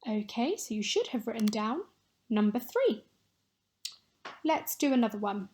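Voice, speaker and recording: A woman teaching a recorded Spanish lesson, modelling words clearly and patiently for pupils to repeat. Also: a little high, very animated, a little slow, darkish tone.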